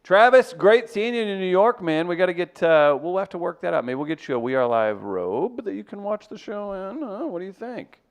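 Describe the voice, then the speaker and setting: A man's voice: sits high, sing-song. A man hosting a radio show, joking and teasing his co-hosts in casual banter. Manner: joking, teasing, quick to mock.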